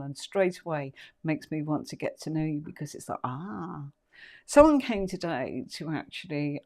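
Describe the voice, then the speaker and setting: A woman's voice: deep voice, a little mellow. Woman hosting a casual tarot tutorial live, rambling and chatty, filler-heavy. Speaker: tarot teacher.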